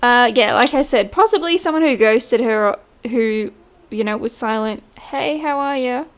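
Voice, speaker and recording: A woman giving a casual tarot reading, chatty and quick to laugh. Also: a little high. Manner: chatty, laughs often, mimics voices in quotes. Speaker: tarot reader.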